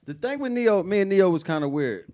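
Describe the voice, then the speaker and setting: Male guest, slightly higher pitch, laid-back slangy storyteller. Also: animated, brisk, darkish tone. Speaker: rapper guest. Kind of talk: casual podcast chat.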